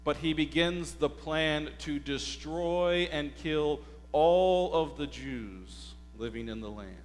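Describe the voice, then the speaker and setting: A male pastor preaching a sermon, telling the story slowly and deliberately and putting rhetorical questions to the congregation. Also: on the high side, soft background music. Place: church sanctuary. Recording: hall reverb with faint mains hum.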